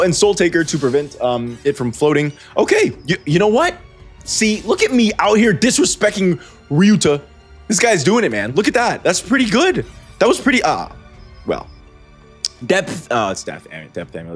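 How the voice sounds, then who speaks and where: A man commentating on card-game matches, rambling and correcting himself with wry asides. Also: medium pitch. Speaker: host and commentator. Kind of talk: gameplay commentary.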